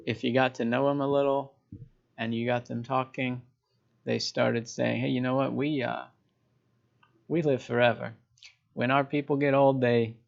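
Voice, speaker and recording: Gravelly man teaching in dull lo-fi. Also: medium pitch. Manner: relaxed and chatty, explaining to students. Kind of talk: casual recorded lecture recapping a story. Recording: dull lo-fi recording.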